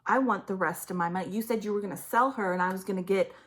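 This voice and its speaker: A woman's voice: mid-range voice, fast talker, fairly bright tone, natural voice. A woman voicing a furious, greedy mother. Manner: cursing, snarling threats. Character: angry greedy mother, cold and threatening.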